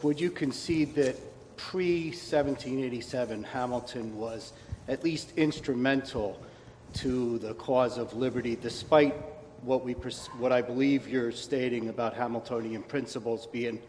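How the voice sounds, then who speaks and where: A man asking a debater a question from the audience, halting and careful. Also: medium pitch, a little mellow, slight background noise. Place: event hall. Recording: distant mic in a reverberant hall.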